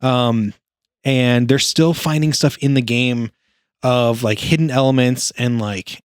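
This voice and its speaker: A man's voice: mid-range voice, fairly even intonation, measured pace, clear, resonant tone, no room sound, studio quality. A man co-hosting a podcast, easygoing in casual chat, explaining things at length. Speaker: podcast co-host.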